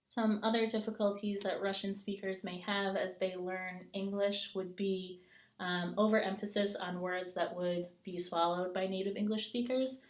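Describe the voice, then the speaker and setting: A woman's voice: medium pitch, steady tone, normal speed, reverberant. A woman giving a recorded class presentation, explaining step by step with frequent "um" fillers and reading example sentences aloud. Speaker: student presenter.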